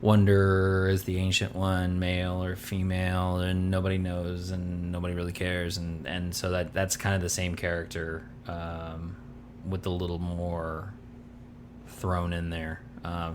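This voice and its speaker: Deep voiced podcast guy, slow, rambly, kinda loose casual chat. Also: monotone, noisy background. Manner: rambling, searching for names. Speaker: podcast co-host.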